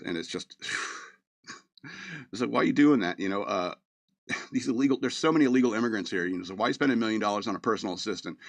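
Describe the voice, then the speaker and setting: A man's voice: medium pitch, no room sound. A man hosting a radio show in a casual, meandering monologue full of fillers.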